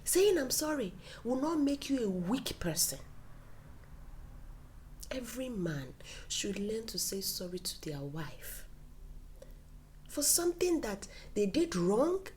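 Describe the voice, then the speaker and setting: Animated woman giving warm-hearted relationship advice. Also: fairly high pitch, slow pace, pauses often, a little hiss or hum. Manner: animated, dips into soft whispers for emphasis; acts out quoted dialogue in playful voices. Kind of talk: casual advice talk to camera.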